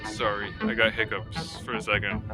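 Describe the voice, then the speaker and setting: A man giving casual, excitable gameplay commentary with many fillers. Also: fairly low pitch, normal speed. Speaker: gameplay video creator. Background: loud game music.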